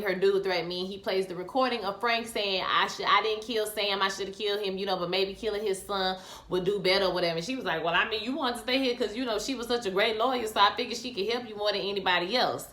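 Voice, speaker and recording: Woman doing a chatty tv episode recap, bright voice, plays all the characters, echoey room. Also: mid-range voice. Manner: chatty, animated, acts out characters' lines; Southern Black American vernacular, addresses viewers as y'all and child. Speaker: TV episode reviewer.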